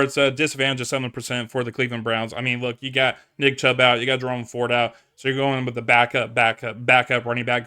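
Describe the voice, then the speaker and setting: A man's voice: mid-range voice, bright, forceful tone, clean tone. A man hosting a fantasy football show, casually reading through numbers and thinking aloud with restarts and fillers. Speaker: fantasy football podcast host. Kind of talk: casual stats breakdown.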